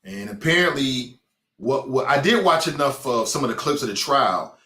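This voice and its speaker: Blunt streetwise talk show host. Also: male voice, mid-range voice, lively intonation, normal speed, sharp tone, roomy sound. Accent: Cincinnati. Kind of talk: casual opinion monologue.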